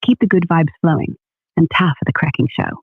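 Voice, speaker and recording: A woman's voice: low voice, brisk, husky, dry recording. An AI voice of a woman with a northern English accent, signing off a live show as co-host in breezy, slangy British banter. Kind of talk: cheerful synthetic chat sign-off. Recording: tinny phone-like line, dry.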